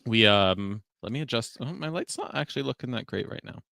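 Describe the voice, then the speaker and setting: A man's voice: medium pitch, lively intonation, a little fast, vocal fry, bright, forceful tone, no room sound, clean studio sound. A man hosting a casual live-stream chat, talking readily and laughing often. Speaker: host.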